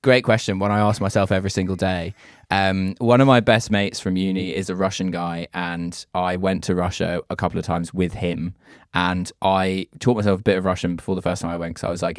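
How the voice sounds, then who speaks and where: A low-pitched man chats casually as a comedy guest. He rambles through self-deprecating stories. His voice sits close and dry, with no room sound. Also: little pitch movement, fairly quick, no echo. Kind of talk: casual podcast chat.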